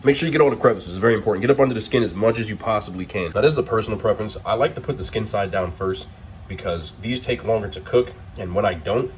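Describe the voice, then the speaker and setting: A young food vlogger with a voice on the low side talks at a quick pace over slight background noise. In his cooking and mukbang vlog he chats casually with viewers, full of slang and asides, calling them y'all and bro.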